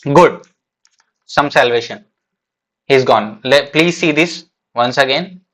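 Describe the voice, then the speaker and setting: A manga chapter gets a live stream reaction from a man speaking slowly at medium pitch with a fairly bright tone. He thinks aloud in a relaxed, uncertain manner, with frequent fillers and restarts.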